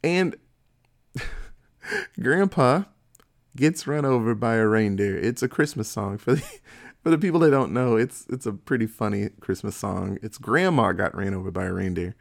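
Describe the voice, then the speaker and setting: A man's voice: fairly low pitch, expressive, moderate pace, creaky. A man in casual chat, retelling a movie plot in a profane, laughing storytelling manner.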